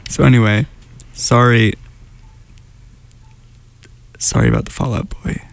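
A man's voice: medium pitch, measured pace, vocal fry, no room sound. A man hosting a radio show in casual chat, scattered and apologetic as he introduces the songs. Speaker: radio host.

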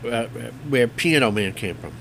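A man's voice: medium pitch, lively intonation, moderate pace, a bit bright, a little hiss or hum. A man co-hosting a radio show in casual chat, telling stories in a laid-back, hedging way and unsure of the details. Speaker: radio co-host.

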